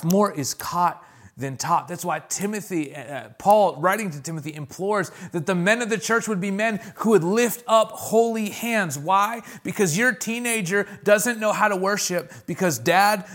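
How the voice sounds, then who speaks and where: A man's voice: high-pitched, fairly bright tone. A man preaching a sermon as pastor, calling out "come on" and pressing his points with rising intensity.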